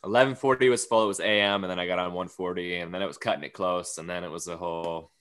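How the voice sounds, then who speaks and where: A man telling a long, animated travel story on a podcast, acting out the lines of the people in it. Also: sits low, fast talker, clear, resonant tone. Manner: storytelling, acts out quoted lines. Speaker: guest comedian. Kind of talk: casual anecdote on a podcast.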